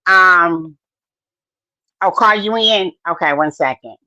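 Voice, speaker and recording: Taking her time, a woman with a lowish, pushed and bright voice hosts a chatty podcast live stream, full of fillers and greetings to viewers by name. The audio is dry and dull, lo-fi, with no room sound.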